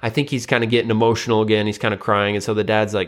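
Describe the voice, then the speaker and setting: A man's voice: on the low side, little pitch movement, very fast. A young adult man hosting a solo podcast, casually retelling a story with lots of uh and you know fillers. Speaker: podcast host.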